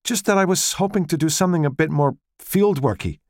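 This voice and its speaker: A man's voice: fairly high pitch, no echo, clean studio sound, pitched above the performer's own voice, lightly acted. A man doing an eager young student. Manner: bright, hurried, eager to please. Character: young woman archaeology student, eager intern.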